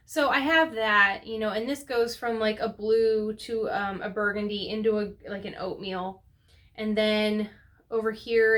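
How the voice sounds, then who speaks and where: A woman's voice: a little high, fairly bright tone. A woman hosting a knitting podcast, chatting casually and rambling with many fillers and self-corrections. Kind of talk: casual chat to camera.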